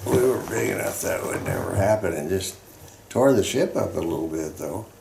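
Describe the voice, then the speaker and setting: An elderly veteran from Colorado recalls his service in a low, gravelly voice. He talks slowly and halts often, circling back with fillers. The recording carries a roomy echo. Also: lively intonation, heavy background noise. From Colorado, United States. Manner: halting, rambling reminiscing with fillers. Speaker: veteran interviewee. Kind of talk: oral history storytelling. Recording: roomy echoey room.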